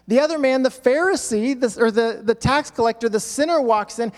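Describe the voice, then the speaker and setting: A man's voice: extremely high pitch, brisk, hardly any pauses. Male pastor, sermon, emphatic repetition, acts out quotes, long hall reverb. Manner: preaching with dramatic quoted voices and emphatic repetition.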